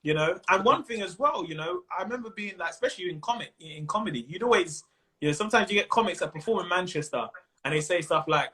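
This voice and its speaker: Lively London man, bright and high. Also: fast talker. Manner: animated, slips into character voices and slang. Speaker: comedian guest. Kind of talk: casual interview chat. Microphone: Instagram live stream.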